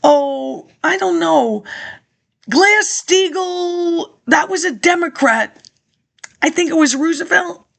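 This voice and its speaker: Woman, high voice, reads archive speech aloud, drifts into loose chatty asides. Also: expressive, takes it slowly, a bit bright. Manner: rambling, chatty asides, frequent laughs and throat clearing. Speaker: reader of archive documents. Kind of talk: reading a speech aloud with offhand commentary.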